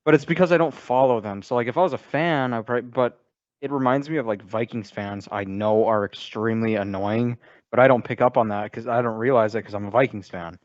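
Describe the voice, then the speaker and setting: A man's voice: mid-range voice, fairly quick, no room sound. A man speaking as a guest on a sports podcast, chatting casually with a laid-back, offhand manner. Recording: dry, dull lo-fi audio.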